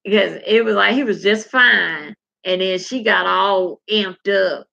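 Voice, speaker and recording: A woman's voice: medium pitch, a little slow, vocal fry, bright, forceful tone. A woman hosting a casual livestream chat, salty and candid, talking straight to her viewers and telling stories. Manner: chatty, addresses viewers directly. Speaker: livestream host reading viewer comments. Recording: dull lo-fi recording.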